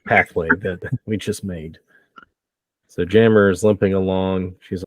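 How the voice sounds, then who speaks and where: Deep-voiced male game master, laughing. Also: unhurried, dry recording. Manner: laughs often, relaxed banter. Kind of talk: narrating a tabletop game.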